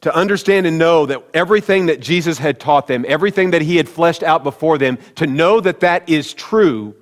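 A man's voice: fairly high pitch, a little fast. A man preaching a sermon as pastor, talking conversationally and speaking directly to his congregation. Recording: long hall reverb.

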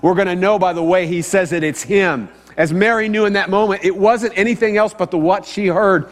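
Guy preaching a sermon, kinda high voice, long echo in the hall, low hum behind. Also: a little fast. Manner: conversational, asks the audience questions. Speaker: pastor. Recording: long hall reverb, faint mains hum.

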